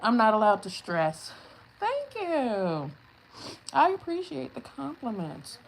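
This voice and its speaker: A woman's voice: fairly high pitch, very animated, slow pace, gravelly, noisy background. A woman hosting a casual livestream, answering trolls in chat with brash, profane comebacks and frequent laughter. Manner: laughs often while talking. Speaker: livestream host.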